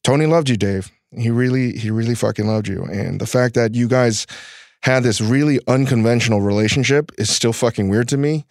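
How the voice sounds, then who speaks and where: A man hosting a podcast, speaking in a reflective, halting way and swearing often. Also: medium pitch, a little mellow, no echo, studio quality. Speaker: host. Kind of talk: reflective conversation.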